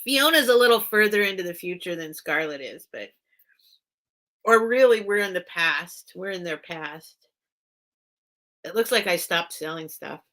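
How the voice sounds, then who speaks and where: A woman's voice: lowish voice, lively intonation, measured pace, pauses often, sharp tone. A woman hosting a casual live sale stream, chatting with viewers in a rambling, apologetic way and breaking off mid-sentence. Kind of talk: casual livestream chat.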